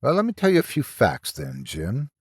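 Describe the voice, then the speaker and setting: A man's voice: mid-range voice, huge pitch swings, moderate pace, slightly rough, dry recording, clean studio sound. A man voicing an anxious male doctor held captive, who speaks urgently and with sarcasm. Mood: tense.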